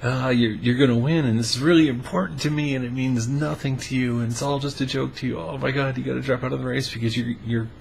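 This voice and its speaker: A man's voice: mid-range voice, steady tone, fast talker, vocal fry, hardly any pauses, a little hiss or hum, pitched above the performer's own voice, natural voice, poor audio. A man voicing a frantic young female college student, breathless and pleading. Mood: desperate pleading. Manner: breathless, pleading, shrieking when overjoyed.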